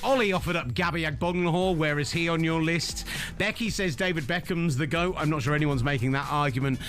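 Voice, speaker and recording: A man hosting a casual sports talk show, excitable and playful, with bursts of mock outrage. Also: a little high, a little fast. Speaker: show host. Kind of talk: casual sports radio chat.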